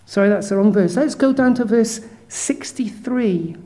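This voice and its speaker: A woman preaching a sermon in an earnest, measured way, stopping to read scripture verses aloud. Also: medium pitch, mellow.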